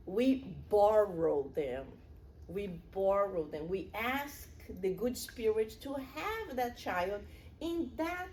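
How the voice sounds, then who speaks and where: A woman's voice: fairly high pitch, a little mellow. A middle-aged woman giving a public spiritual lecture in an earnest, conversational way, with personal stories.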